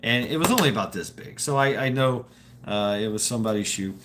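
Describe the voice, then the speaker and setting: A man's voice: mid-range voice, expressive, brisk, noisy background. A man talking casually to his viewers in a rambling monologue, stammering and repeating words, swearing freely and laughing as he goes.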